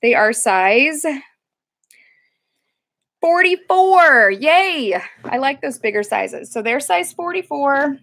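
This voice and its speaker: A woman's voice: high-pitched, animated, a little slow, vocal fry, hardly any pauses, a bit bright. A woman chatting casually through a thrift haul video, rambling with lots of fillers and restarts. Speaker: thrift reseller vlogger.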